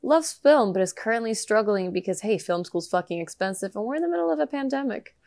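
A woman's voice: mid-range voice, animated, fast talker, darkish tone. Laid-back giggly woman co-host. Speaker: podcast co-host. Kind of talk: casual chat.

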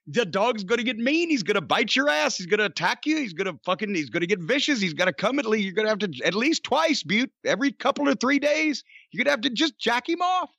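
A man's voice: sits high, fast talker, gravelly, hardly any pauses, no room sound, full character voice. A man voicing an older male wrestler who gives insistent, repetitive orders with a straight face. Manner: insistent, repetitive, deadpan-serious.

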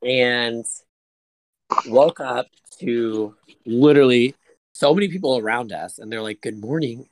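A man's voice: mid-range voice, unhurried, pauses often, dry recording, low-quality recording. A man co-hosting a casual podcast, telling loose rambling stories and laughing often. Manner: rambling storyteller, laughs a lot. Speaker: podcast co-host.

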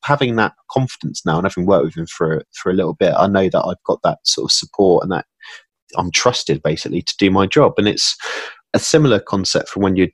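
A man chatting as a podcast guest, self-deprecating and quick to laugh. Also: sits low, expressive, slightly rough, no room sound. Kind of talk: casual conversation.

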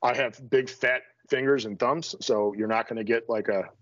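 A man's voice: medium pitch, fairly even intonation, normal speed, fairly bright tone, dry recording, muffled recording. A middle-aged man, a strength coach, talking as a podcast guest in a blunt, direct, self-deprecating way. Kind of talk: casual interview chat.

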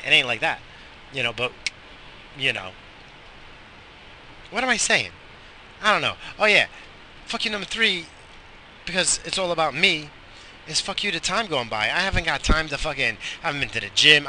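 Foul-mouthed man rambling with a bright voice. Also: mid-range voice, slight background noise, rough recording. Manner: profane, rambling, self-mocking. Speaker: vlogger. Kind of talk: rambling casual monologue.

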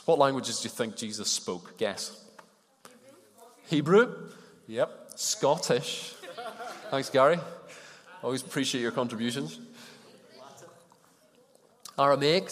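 A man delivers a sermon in an easy, conversational style and often turns questions to the people listening. His voice sits at a middle pitch and trails off into the long echo of a large church hall. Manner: conversational, asks the congregation questions. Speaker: preacher.

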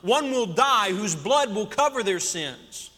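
Speaking slowly and with animation, this man preaches as senior pastor in a church sanctuary, posing rhetorical question after rhetorical question to the congregation. His high voice sounds pushed and bright against the long reverb of the church hall.

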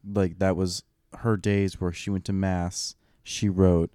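Low-voiced man sharing author trivia. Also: slow, clean tone, dry recording, clean studio sound. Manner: animated, knowledgeable, filler-heavy. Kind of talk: casual book club discussion.

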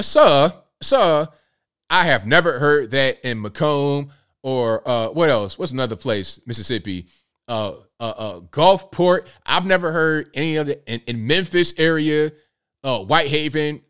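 A man's voice: medium pitch, a bit bright, clean tone. A man hosting a casual live stream commentary, talking straight to viewers in folksy slang.

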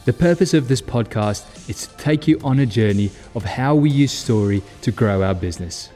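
Mellow man over faint music. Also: mid-range voice, animated, normal speed. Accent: Afrikaans. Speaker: podcast host. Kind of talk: scripted podcast intro. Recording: intro with faint music behind.

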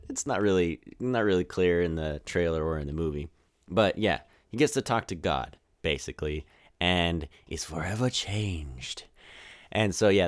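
A man's voice: deep voice, clean tone, dry recording, studio quality. A man hosting a podcast, giving a casual, rambling movie review with lots of restarts. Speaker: podcast host.

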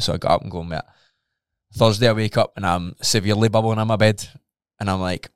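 A Scottish man with a low-pitched, smooth and resonant voice talks in a candid podcast conversation. He tells his story openly and with feeling, swearing freely. The sound is close and dry. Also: steady tone, quick pace, dry recording. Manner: open, emotional storytelling with frequent swearing. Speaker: podcast co-host.

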